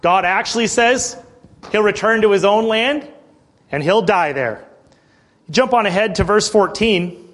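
A man with a high voice preaches a sermon and reads scripture aloud. He keeps asking the congregation rhetorical questions. When he fires them up, his voice climbs and gets louder. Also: a little slow, pauses often. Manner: rhetorical questions, swells louder and higher when stirring the crowd.

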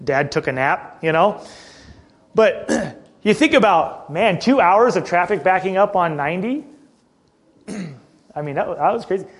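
A middle-aged man preaching a sermon in a conversational way, asking the congregation questions and often clearing his throat. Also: high voice, expressive, measured pace, pauses often. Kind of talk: sermon with personal story.

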